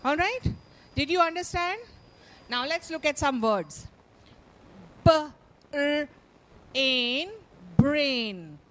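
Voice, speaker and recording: A woman with a high, light voice trains teachers in phonics. She speaks slowly and sounds out each phoneme, stopping often to quiz her class. She coaxes quiet listeners with playful, mock-pleading remarks. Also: sing-song. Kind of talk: live phonics training session.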